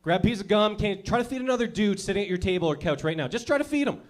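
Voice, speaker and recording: A man's voice: sits high, expressive, very fast. A man doing a crude, brash stand-up comedy routine, acting out little scenes as he goes. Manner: crude, brash, acts out characters.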